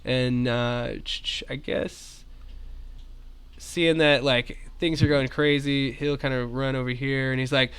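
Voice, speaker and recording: Bright-voiced game master. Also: male voice, medium pitch, slow pace, smooth. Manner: relaxed, chatty with fillers. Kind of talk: narrating a tabletop game.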